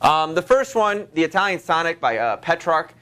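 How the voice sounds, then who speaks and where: A man teaching a high school literature class in a loose, rambling way, full of fillers and restarts. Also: big pitch swings, moderate pace, a bit bright, clean tone. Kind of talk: classroom lecture.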